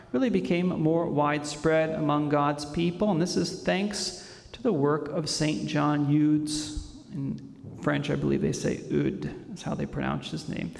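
A fairly high-voiced priest gives a homily, measured and reverent, with a gravelly edge. His voice carries the long reverb of a church hall. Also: a little mellow. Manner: measured, reverent delivery with frequent pauses.

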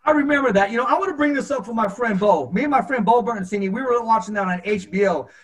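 Male podcast host, high voice, animated anecdote style. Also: quick pace. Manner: animated, acts out quotes. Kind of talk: storytelling in casual interview.

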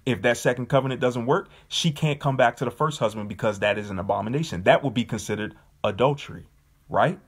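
A man's voice: mid-range voice, fairly quick, breathy edge. A man leading a Bible study, speaking emphatically and casually and often asking his listeners whether they understand. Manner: emphatic, casual, with repeated rhetorical questions.

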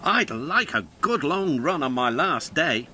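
A storyteller voicing a cheerful, eager little steam engine in a children's story. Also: male voice, fairly high pitch, very animated, unhurried, slight background noise, full character voice. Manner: eager, bright.

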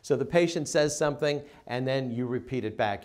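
A middle-aged man giving a seminar talk to dental office staff, emphatic and acting out phone calls in quick voice changes. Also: medium pitch, darkish tone. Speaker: dental practice consultant.

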